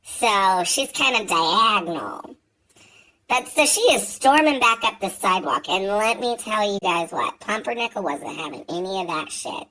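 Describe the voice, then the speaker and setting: A woman vlogger with a bright, forward voice tells a neighborhood story straight to camera. She talks casually and swears freely, with lots of "you know" and "like" along the way. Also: mid-range voice, lively intonation, moderate pace, low-quality recording. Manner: chatty, profane, full of fillers and asides.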